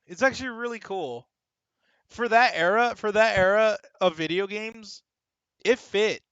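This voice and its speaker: Excitable young man, bright dry voice. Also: high-pitched, unhurried, clean tone, no room sound, highs cut off. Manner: excitable, swears a lot, talks to chat. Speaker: streamer. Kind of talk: casual gaming stream chat.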